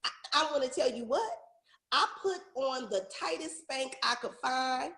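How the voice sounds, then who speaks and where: A woman's voice: sits high, normal speed. A woman guest on a podcast, telling candid stories with animation and frequent laughter. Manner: animated, laughs often, drops into playful quoted voices. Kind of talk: candid storytelling in conversation. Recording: roomy echo.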